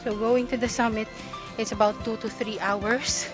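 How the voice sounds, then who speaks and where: On a mountain trail, a Filipino vlogger chats casually and out of breath, mixing English with Tagalog as she narrates her hike. Her voice runs on the high side with a fairly bright tone, fairly even intonation, and normal speed, over faint background music.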